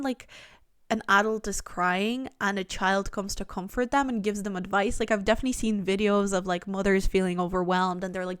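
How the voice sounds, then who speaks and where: A woman's voice: mid-range voice, clear, resonant tone, no room sound, studio quality. A woman giving a pick-a-card tarot reading, talking earnestly in a rambling way with lots of restarts. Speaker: tarot reader.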